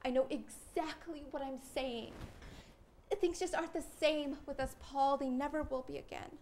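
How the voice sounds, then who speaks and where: A woman's voice: high-pitched, steady tone, normal speed, close to an everyday voice. A woman playing a fiery young newlywed wife. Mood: heated. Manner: swings between loud outbursts and hushed lines. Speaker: wife Corie.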